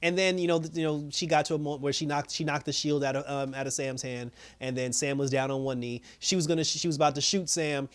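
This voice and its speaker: A man giving a casual, rambling recap and review of a TV episode, excitable, with lots of fillers and laughing. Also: fairly high pitch, quick pace, few pauses, smooth. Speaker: show reviewer.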